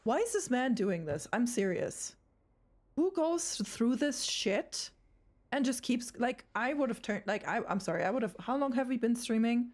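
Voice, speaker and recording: A woman's voice: on the high side, animated, normal speed. A young woman streaming a horror game live, rambling, swearing and screaming in fright, with a throat sore from screaming.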